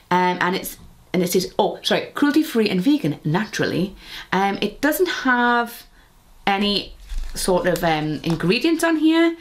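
A young woman chatting casually while unboxing beauty products, rambling with lots of fillers. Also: medium pitch. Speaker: beauty vlogger.

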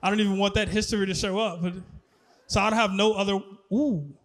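A man performing a stand-up comedy set on stage, animated, laughing and shouting at his punchlines. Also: high-pitched, fast. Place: comedy stage before a live audience.

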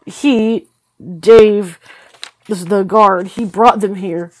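A woman voicing a frightened teenage boy who is shaken and haunted, in a read-along storybook, talking urgently and sometimes in a hushed whisper. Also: medium pitch, fairly even intonation, slow pace, dry recording, close to an everyday voice.

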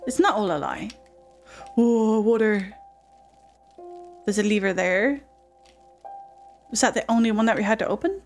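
A woman's voice: mid-range voice, unhurried, long pauses, darkish tone. A woman giving chatty let's play commentary, easily flustered and talking to herself and the game. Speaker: gaming host. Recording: game music under voice. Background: game music.

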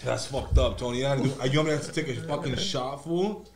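A man's voice: medium pitch, fast, crowd noise. A man, a guest, chatting casually with profane, laughing mock curses and taunts while his eyes tear and his nose burns from spice. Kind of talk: casual chat during a spicy chip challenge.

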